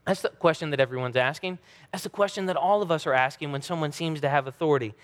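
High-voiced preacher in an echoing hall. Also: male voice, fast. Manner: earnest, emphatic preaching with dramatic quoted voices. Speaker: pastor. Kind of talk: sermon. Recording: long reverb of a large hall.

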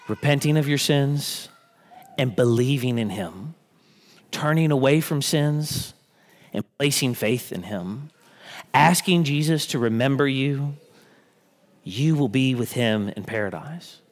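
A man's voice: medium pitch, fairly bright tone. A man preaching a sermon in an earnest way, building to emphatic peaks. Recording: long hall reverb.

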